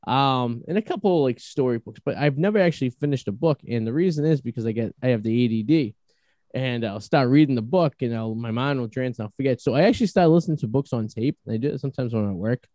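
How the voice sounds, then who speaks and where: A man with a Boston accent hosting a podcast, talking in a rambling, halting way with many restarts. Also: medium pitch, mellow, no echo. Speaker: podcast host. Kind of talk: casual chat.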